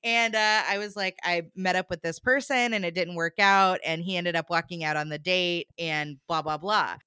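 Bright-voiced woman telling a story. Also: fairly low pitch, moderate pace, clear, resonant tone, dry recording, studio quality. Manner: animated, acts out quoted voices. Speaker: podcast co-host. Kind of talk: casual storytelling.

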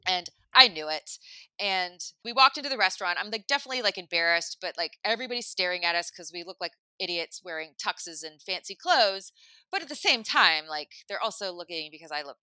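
Chatty woman in her thirties, crisp voice, dry booth sound, podcast storyteller. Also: fairly low pitch, fairly quick, no echo. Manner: chatty, lots of "like", animated asides. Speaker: podcast host telling a story. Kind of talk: casual storytelling chat.

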